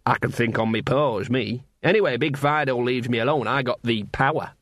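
A man's voice: medium pitch, normal speed, fairly bright tone, dry recording, lightly acted. A man voicing a scruffy, smug, streetwise male mongrel dog with cocky slang, read in a dry, close audiobook recording.

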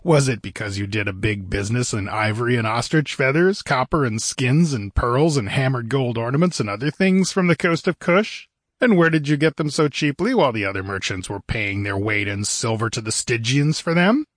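Conan, a gruff grim barbarian voiced by a man. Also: mid-range voice, lively intonation, normal speed, a bit bright, no room sound, clean studio sound. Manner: gruff, impatient, mocking. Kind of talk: audiobook character voice.

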